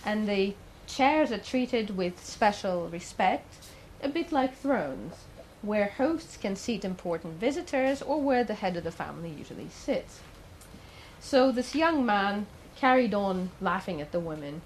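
A woman's voice: mid-range voice, animated, a little slow, a little hiss or hum, low-quality recording. A woman giving a talk, telling a story in a conversational way with the odd filler and questions to the audience. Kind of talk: storytelling lecture.

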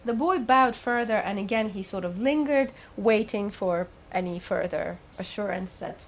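A woman's voice: mid-range voice, animated, moderate pace, slight background noise, low-quality recording. A woman giving a talk, telling a story in a conversational way with the odd filler and questions to the audience. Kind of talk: storytelling lecture.

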